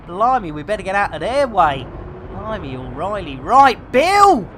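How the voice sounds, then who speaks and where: Woman, game streamer, casual jokey chat, slangy, mid pitch, very bouncy intonation. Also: sing-song, a bit bright, slight background noise. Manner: chatty, jokey, quick to laugh, lots of British slang. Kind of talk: casual live-stream chat while playing.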